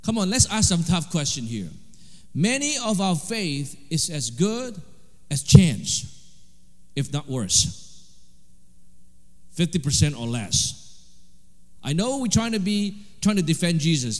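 High-voiced preacher in a reverberant hall. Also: male voice. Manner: animated, swings between loud emphasis and quiet asides. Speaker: pastor. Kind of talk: sermon.

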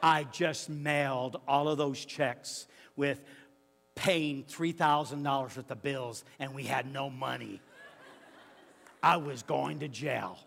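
A male preacher telling a story in his sermon, very animated, swinging from hushed tones to shouting and stammering for comic effect. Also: medium pitch, slow pace, creaky, in a large hall.

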